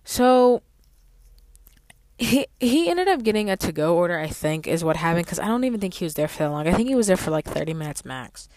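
A woman's voice: fairly low pitch, very animated, fairly quick, darkish tone, no room sound. A woman telling a storytime rant about her parking job in a blunt, profane, sassy way, with sudden emphatic outbursts. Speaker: valet parking attendant.

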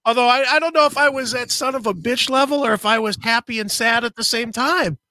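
A man telling a long story in casual conversation, swearing freely and getting animated. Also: very high voice, a little fast, no echo. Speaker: co-host.

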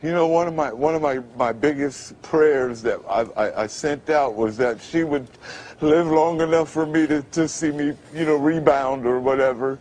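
A man answering questions in a TV interview, emotional and halting, with many stammered restarts. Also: a little high, a little mellow, a little hiss or hum. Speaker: interview guest.

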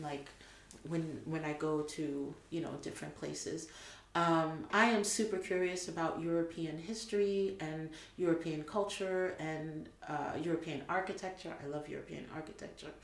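A woman's voice: low-pitched, steady tone, normal speed. Chatty American woman in an echoey room. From United States. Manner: chatty, many ums, laughs often. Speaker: guest. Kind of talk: casual conversation.

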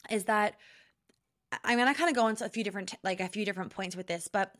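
A woman's voice: medium pitch, fast, a bit bright. A young woman hosting a podcast as a relationship coach, talking in a chatty, rambling way with lots of fillers and swearing. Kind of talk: casual podcast monologue.

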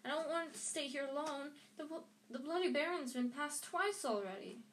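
A woman's voice: high-pitched, lively intonation, a little fast, far from the mic, slight background noise, voice pushed up. A timid, clumsy schoolboy, put on by a woman reading aloud, with a raised, anxious voice. He pleads not to be left alone, fretful and eager. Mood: pleading.

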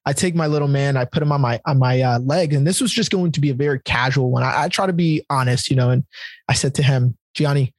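A man's voice: medium pitch, quick pace, dry recording. A man telling a personal story in a casual, heartfelt conversation, earnest and confessional. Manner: earnest, confessional, calls listener "bro".

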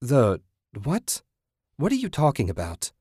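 A man voicing a frightened young wife who shouts defiantly at her captor in an audiobook. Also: medium pitch, wildly swooping pitch, a little slow, slightly rough, no room sound, studio quality, voice pushed up, full character voice. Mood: frantic. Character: terrified young wife fighting back.

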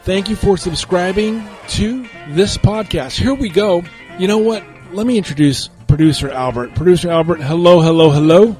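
Excitable man hosting a movie talk show. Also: high voice, normal speed, soft background music. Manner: enthusiastic, chatty, laughs easily. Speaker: radio show host and film reviewer. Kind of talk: casual radio talk.

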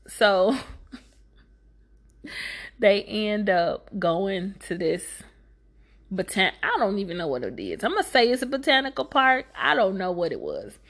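A woman giving a casual movie recap, sassy and exasperated, talking back to the filmmaker. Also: mid-range voice.

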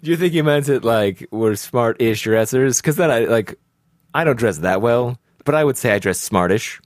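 A man co-hosting a casual podcast, making wry deadpan jokes at his partner. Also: medium pitch, moderate pace, no echo, clean studio sound. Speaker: podcast co-host.

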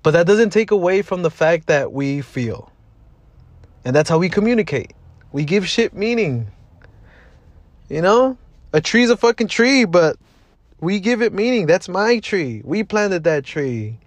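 A man's voice: high voice, very animated, a little slow, pauses often, no echo. A podcast host in his twenties from Southeast Los Angeles talks straight to the listener in a casual, motivational monologue. His speech is blunt and heartfelt, full of swearing, and recorded dry with no room sound. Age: 20s.

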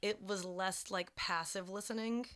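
A woman's voice: medium pitch, steady tone, a little slow, fairly bright tone, clear, resonant tone. A young woman from Georgia co-hosting a podcast in casual, rambling chat full of fillers. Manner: rambling, filler-heavy, laughs easily. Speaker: podcast co-host.

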